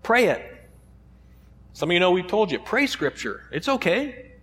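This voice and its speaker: A man's voice: high voice, sing-song, normal speed, a bit bright, in a large hall. A man preaching a sermon as pastor, conversational, asking the congregation rhetorical questions.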